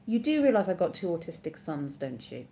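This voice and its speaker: Reading out viewer comments during a relaxed live stream, the English-accented woman from Oxfordshire rambles and corrects herself. Her lowish voice is sing-song and dark in tone, fairly quick, with slight background noise.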